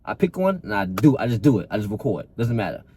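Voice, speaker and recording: A man's voice: lowish voice, very animated, quick pace, mellow, a little hiss or hum. A man, a fitness coach, giving a blunt, profane, repetitive motivational talk to camera and calling the listener bro.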